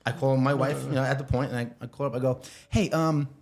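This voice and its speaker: A man spins a rowdy personal story as a podcast guest, very animated and quick to swear, jumping into the voices of the people in it. His voice sits at an ordinary middle pitch for a man. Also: creaky. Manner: animated, swears freely, acts out quotes. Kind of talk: casual storytelling.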